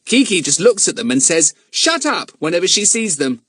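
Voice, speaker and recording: A man's voice: high-pitched, very animated, normal speed, fairly bright tone, slightly rough, no echo, clean studio sound, pitched above the performer's own voice, exaggerated voice. A man voicing a cheeky, blunt teenage boy in a storybook. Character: cheeky boy with a parrot, young teen.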